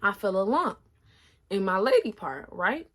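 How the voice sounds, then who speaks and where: A young woman in her twenties tells a story casually and chattily to the camera. She talks straight to her viewers in a mid-range voice. She drops her voice low and soft for asides. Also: measured pace. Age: 20s. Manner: chatty, animated, addresses viewers directly as y'all. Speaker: vlogger.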